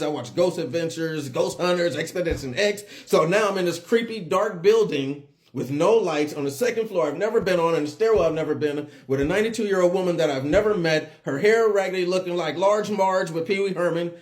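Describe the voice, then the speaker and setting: A man vlogging at home, telling a story to his camera in a casual, animated way, with quick repeats and bursts of laughter. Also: high voice. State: drowsy and dizzy.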